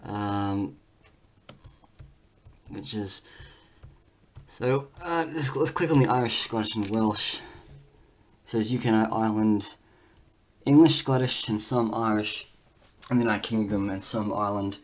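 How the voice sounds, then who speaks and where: A man with a fairly low-pitched voice vlogs casually, reading on-screen results aloud. He rambles, pauses, and restarts often, leaning on plenty of fillers.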